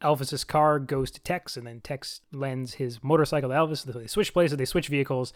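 A man co-hosting a casual film review chat, wry and animated, acting out scenes. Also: medium pitch, brisk, no echo, studio quality. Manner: wry, animated, acts out scenes in silly voices. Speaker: podcast co-host.

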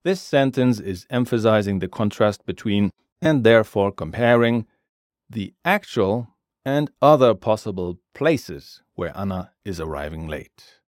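Slow, lively-voiced male language teacher. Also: fairly low pitch, dry recording, clean studio sound. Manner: slow, measured, explains each word with its translation. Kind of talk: scripted grammar lesson narration.

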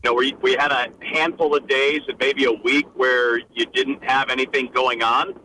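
A man's voice: medium pitch, fairly even intonation, moderate pace, pushed and bright, a little hiss or hum, rough recording. A man who is a guest on a sports radio show, speaking conversationally with plenty of restarts. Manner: conversational, many restarts and fillers. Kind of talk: casual radio interview.

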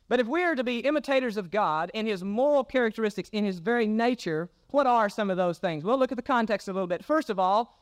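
A man's voice: sits high, dry recording, clean studio sound. A man preaching a Sunday sermon in an earnest way, repeating key phrases for emphasis. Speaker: pastor. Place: church sanctuary.

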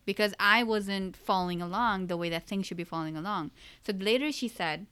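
A woman's voice: medium pitch, a little fast, fairly bright tone, smooth. A woman co-hosting a casual conversation, speaking in a reflective, supportive way.

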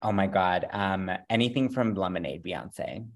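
A man's voice: sits low, unhurried. Gushing, campy drag performer man. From Madison, Wisconsin. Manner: gushing, campy, animated slang. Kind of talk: casual interview chat.

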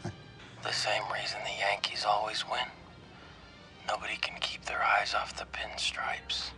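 An actor playing a sly young con artist in a film scene, talking softly and teasingly. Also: male voice, lowish voice, level tone, racing, soft background music, poor audio. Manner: soft-spoken, teasing.

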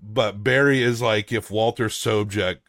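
A man's voice: on the low side, fairly even intonation, a little slow, a bit bright, dry recording, studio quality. A young man hosting a casual movie review chat, rambling with lots of fillers and swearing. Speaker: podcast host.

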